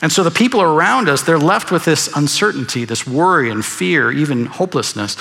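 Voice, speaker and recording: A man preaching to his congregation with an earnest, emphatic delivery. His voice is bright and ringing and sits a little above the usual pitch, and he hammers home his points by repeating them. The sermon carries the long reverb of a large hall. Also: expressive, normal speed, hardly any pauses. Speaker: pastor.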